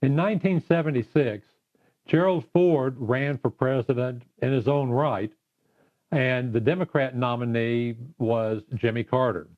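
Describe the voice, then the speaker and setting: An older man recounting past events in a measured way during an oral history interview. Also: medium pitch. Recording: muffled lo-fi recording.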